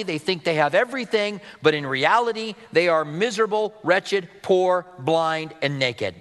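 A man's voice: a little high, a bit bright, in a large hall. A man preaching a sermon as pastor, earnest and reading scripture aloud to his congregation.

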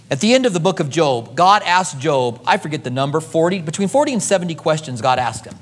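A man preaching a sermon, moving between loud emphasis and hushed asides, then leading a prayer. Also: a little high, animated, fast talker, hardly any pauses, in a large hall. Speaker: pastor.

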